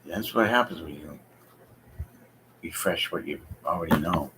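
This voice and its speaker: A deep-voiced man talking loosely on a home live stream, stopping often to search for words and second-guess himself. A faint hum sits behind his voice. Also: expressive, measured pace. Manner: rambling, hesitant, thinking aloud with many fillers. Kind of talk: casual live-stream chat. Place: home basement.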